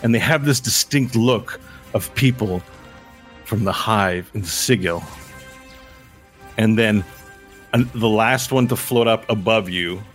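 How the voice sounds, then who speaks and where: Excitable male game master. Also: lowish voice, takes it slowly, long pauses, faint music behind. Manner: excited rambling narration with fillers. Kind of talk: narrating a tabletop game.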